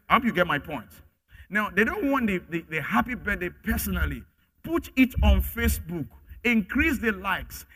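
A pastor preaching a sermon, swinging from loud emphatic bursts to quiet asides. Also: male voice. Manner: emphatic, rising to loud bursts then dropping low.

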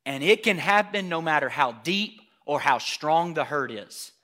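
A male pastor preaches a sermon to a congregation in a high, bright voice. He drops into hushed, close asides, then climbs to loud, emphatic declarations. The voice stays crisp and forward throughout. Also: unhurried. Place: church hall before a congregation.

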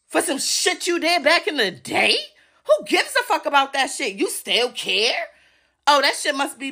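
A woman with a somewhat high voice delivers a heated solo podcast rant. She swears constantly and talks straight to her listeners in an agitated, insistent way. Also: sharp tone. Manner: profane, agitated, addresses listeners directly. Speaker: podcast host.

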